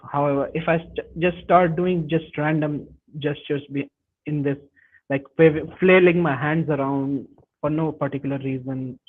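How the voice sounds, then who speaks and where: Indian english guy teaching a webinar, keeps restarting his sentences, raspy voice, tinny call audio. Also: fairly high pitch, steady tone, normal speed. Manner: explanatory, frequent restarts and self-corrections. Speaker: webinar instructor. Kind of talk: live online lecture. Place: home or office, online webinar. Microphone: computer mic over a web call.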